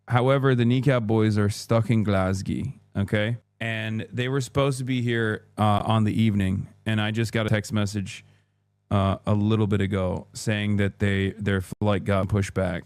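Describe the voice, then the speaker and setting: A man's voice: lowish voice, darkish tone, no room sound. A man livestreaming, chatting loosely and offhand to his audience with many fillers. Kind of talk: casual livestream chat.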